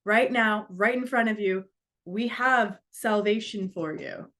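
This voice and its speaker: Stern, firm rescuer, acted by a woman, a little louder. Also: medium pitch, slow pace.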